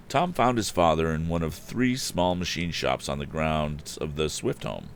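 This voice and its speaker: A man reading an old adventure novel aloud, narrating and jumping into excited character voices. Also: moderate pace, few pauses, a little hiss or hum. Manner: animated, jumps up in pitch for excited characters. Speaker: storyteller.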